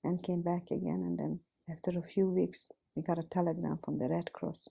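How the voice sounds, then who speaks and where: In a lo-fi recording, a woman from Hungary in her fifties gives her testimony as a Holocaust survivor, saying "I says" again and again in a plain, direct manner. Her lowish voice is dark and husky with vocal fry, holding a fairly steady pitch at a moderate pace.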